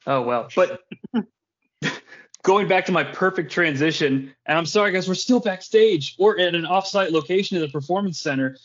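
Man, podcast host, casual rambling chat, frequent swearing, slightly high voice, dull lo-fi sound. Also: normal speed. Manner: rambling, profane, laughs often.

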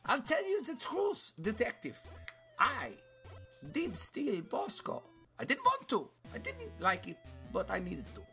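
A performer voicing a scheming woman pickle boss with a German accent who speaks in slow, grand pronouncements. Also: mid-range voice, huge pitch swings, sharp tone, soft background music, pitched above the performer's own voice, heavily acted. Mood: exasperated.

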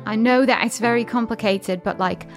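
A woman playing a tabletop game who asks her questions earnestly and gently. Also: fairly high pitch, moderate pace, faint music behind. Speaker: player. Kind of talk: tabletop role-play.

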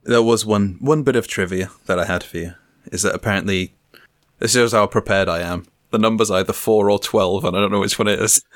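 A man's voice: fairly low pitch, fairly even intonation, a little fast. A man co-hosting a casual film-review podcast, chuckling and dropping offhand trivia asides. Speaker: podcast co-host.

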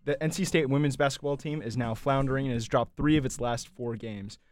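A young man reads a quick sports roundup in an upbeat, wry way. His voice sits at an ordinary middle pitch. The sound is dry and close, with no room around it. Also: darkish tone, dry recording. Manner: upbeat, reading briskly with wry asides. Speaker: sports news segment host. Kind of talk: scripted news roundup on a podcast.

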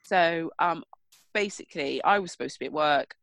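A middle-aged woman co-hosting a casual chat, telling animated stories and acting out what people said. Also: sits low, moderate pace, no room sound. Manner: animated storyteller, acts out quotes. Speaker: podcast co-host.

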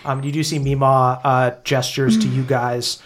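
A man narrating as game master of a tabletop game, in a halting way full of fillers. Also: mid-range voice, level tone, slight background noise.

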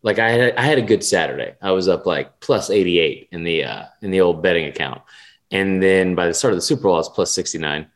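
A man's voice: low voice, a little fast. Rambling, profane young man on a podcast. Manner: rambling, profane, lots of restarts and fillers. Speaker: podcast co-host. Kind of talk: casual sports betting chat.

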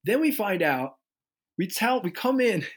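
Animated man telling band stories. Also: high-pitched, a little slow, husky. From United States. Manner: animated storyteller who acts out quoted voices. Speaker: guest musician. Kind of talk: casual interview storytelling.

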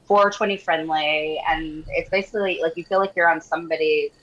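Animated woman in her fifties, laughing. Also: deep voice, a little fast, muffled recording. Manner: animated, laughing, swears freely, acts out dialogue. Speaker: podcast guest. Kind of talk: casual storytelling.

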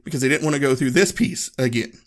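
A man hosting a podcast, telling a story in a relaxed, conversational, reflective way. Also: mid-range voice, fast talker. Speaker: podcast host.

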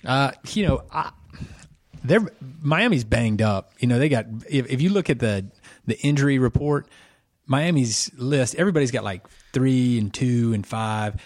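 A man's voice: mid-range voice, expressive, normal speed. A man co-hosting a casual sports chat, giving plain-spoken, brief picks and opinions. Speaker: co-host.

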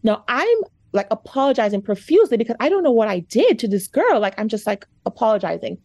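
Emotional woman author, high mellow voice. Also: very animated, fast, dry recording. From America. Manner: chatty, lots of "like" and "you know", gets choked up. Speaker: guest author. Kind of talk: emotional interview storytelling.

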